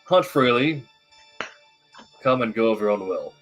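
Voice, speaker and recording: A man voicing a relaxed, easygoing vampire baron who talks like a pleased boss, with halting fillers. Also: mid-range voice, soft background music. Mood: laid-back.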